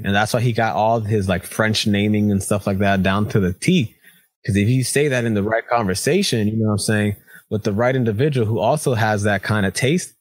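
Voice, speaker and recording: A man's voice: fairly low pitch, breathy edge, no echo. A man in the middle of an easy podcast chat with his friends, telling stories with lots of energy. He slips into other people's voices when he quotes them. The sound is dry and close, with almost no room around it. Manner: animated storyteller, acts out quoted voices, laughs often. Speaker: podcast co-host. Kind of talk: casual chat.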